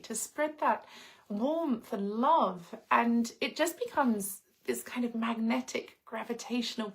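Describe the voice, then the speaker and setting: A woman's voice: mid-range voice, fairly bright tone, rough recording. A woman from the UK hosting a live stream, reading out viewer comments and talking in an earnest, heartfelt, reflective way. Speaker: livestream host.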